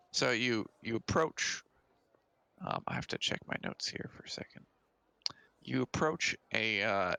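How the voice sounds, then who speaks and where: Gravelly male game master with a dry, close sound, halting and full of fillers. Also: on the low side, sharp tone, no room sound. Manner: halting, hesitant narration with many fillers. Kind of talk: narrating a tabletop game.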